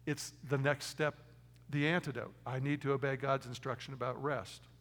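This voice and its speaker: A man preaching a sermon, moving from emphatic loud stresses to quiet low asides. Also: steady tone, normal speed, in a large hall. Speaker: pastor.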